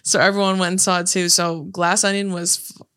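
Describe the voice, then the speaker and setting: A woman co-hosting a casual podcast, chatting quickly about movies with laughing asides. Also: on the low side, level tone, a bit bright. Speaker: podcast co-host. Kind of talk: casual chat.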